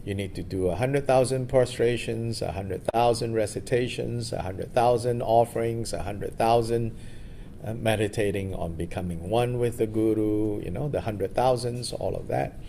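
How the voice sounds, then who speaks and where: A man's voice: fairly low pitch, moderate pace, gravelly, dark tone, a little hiss or hum. A man giving a loose, storytelling dharma talk as a meditation teacher at a retreat. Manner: loose, storytelling, many fillers.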